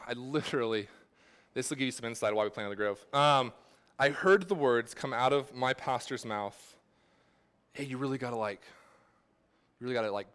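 A man's voice: mid-range voice, a bit bright. A man pastor giving a sermon in a casual, rambling way, full of fillers and restarts.

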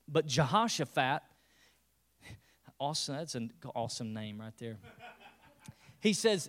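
A man's voice: sits high, animated, unhurried, pauses often. A man preaching a sermon as the pastor, retelling scripture in a casual, humorous way with playful character voices.

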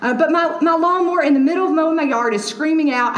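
A woman with a high, bright-pitched voice preaches a casual, story-filled sermon. She talks in a chatty way, full of ums and asides. The sound is roomy, with the echo of a church hall. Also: fast, dull audio. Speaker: pastor. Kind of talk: conversational sermon.

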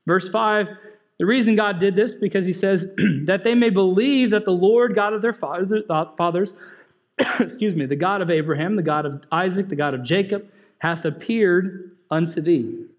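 A man's voice: high voice, moderate pace. A man preaching a sermon in a conversational way, asking the congregation questions and joking with them. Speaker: pastor.

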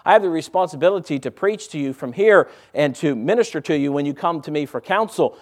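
A pastor preaching a sermon in a church, conversational and full of rhetorical questions put to the congregation. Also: male voice, a little high, expressive, a little fast, few pauses, a little mellow. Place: church auditorium.

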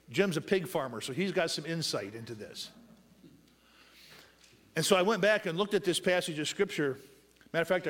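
High-voiced preacher swinging from loud to hushed. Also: male voice. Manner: asks the congregation to finish verses with "what?"; swings between loud raised passages and hushed soft asides. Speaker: pastor. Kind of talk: sermon.

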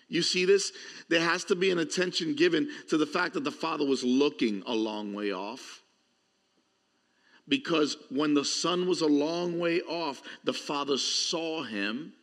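A man preaching a sermon as pastor, emphatic and questioning his listeners, swinging between loud punchy lines and hushed low ones. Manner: asks the audience direct questions. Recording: long hall reverb.

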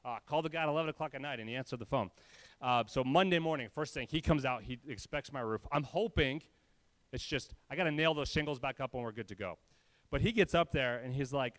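A man preaching to his church, telling a personal story with animated, humorous quoted voices. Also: medium pitch, quick pace, no echo. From California. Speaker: pastor. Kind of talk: sermon storytelling.

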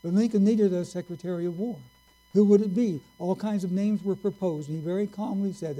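A man preaching a sermon, telling a story slowly and earnestly and drawing out his key words. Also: high voice, fairly even intonation, warm tone, poor audio.

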